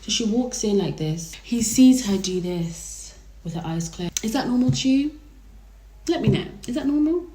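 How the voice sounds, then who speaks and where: A young woman telling a dramatic storytime vlog in a chatty, animated way. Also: fairly high pitch, moderate pace. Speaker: vlogger. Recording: roomy echo.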